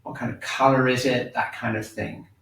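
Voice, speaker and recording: A man teaching a shiatsu and qi gong class, talking students through breathing and tapping with calm, gentle prompts. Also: mid-range voice, normal speed, creaky, a little hiss or hum. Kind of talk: guided exercise class. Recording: echoey room, mic at a distance.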